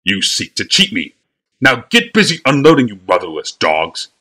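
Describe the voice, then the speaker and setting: A man's voice: mid-range voice, very animated, a little fast, sharp tone, voice pushed up. A man voicing a burly, blustering wagon master who bellows and sputters in rage. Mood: furious.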